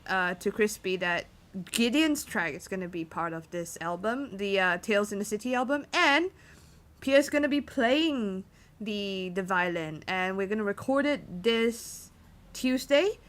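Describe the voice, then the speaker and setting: A woman's voice: mid-range voice, animated, unhurried, fairly bright tone. A woman composer chatting casually with her livestream viewers, rambling with many fillers as she answers chat.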